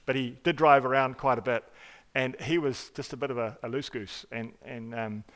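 At a normal speed and in a steady, medium-pitched tone, a pastor preaches earnestly and emphatically. Recorded with hall reverb, he often restarts words and alternates loud stresses with quiet asides.

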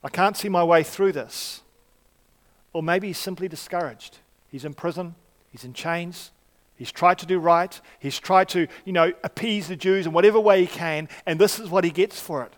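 A man preaching a sermon in a conversational way, often pausing on fillers and restarting his sentences. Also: high-pitched. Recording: long reverb of a large hall.

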